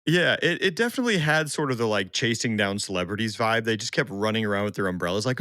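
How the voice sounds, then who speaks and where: A man co-hosting a casual sports podcast, telling stories with lively energy and acting out quotes. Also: fairly low pitch, quick pace, no room sound, clean studio sound. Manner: animated storyteller, acts out quotes. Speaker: podcast co-host. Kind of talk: casual chat.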